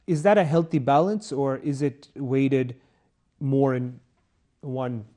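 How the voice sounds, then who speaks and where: Male host, warm voice, long questions, many restarts. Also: medium pitch, steady tone, takes it slowly. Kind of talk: TV interview.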